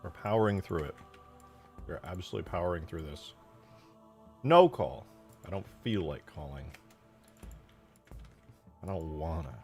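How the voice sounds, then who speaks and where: Low-voiced man ranting on stream. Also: unhurried, long pauses, a little mellow, soft background music. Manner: profane, ranting, talks to chat. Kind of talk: casual live-stream chat while modding.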